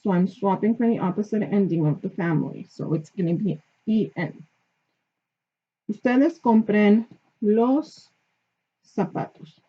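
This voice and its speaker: A woman's voice: lowish voice, fairly quick, few pauses, husky. A woman teaching a grammar lesson, explaining patiently step by step and checking in with her listeners. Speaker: Spanish teacher. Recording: dull lo-fi recording.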